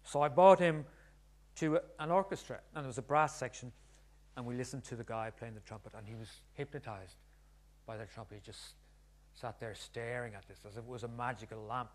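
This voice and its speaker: A man's voice: medium pitch, a little fast. A middle-aged male author telling funny family stories to an audience, chatty and joking. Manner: chatty, joking, acts out voices. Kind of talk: humorous storytelling talk.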